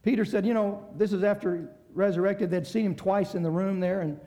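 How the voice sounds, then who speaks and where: High-voiced preacher, impassioned. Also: male voice, fairly even intonation, fairly quick. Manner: impassioned, swings from shouting to hushed. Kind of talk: sermon.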